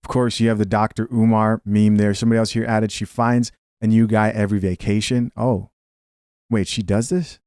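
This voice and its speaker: A reaction video host gives casual, opinionated commentary on a clip, talking directly to viewers and reading their comments aloud between his takes. His low-leaning, darkish voice is clear and resonant, with flat delivery at normal speed, recorded without echo in a dry, close-sounding room.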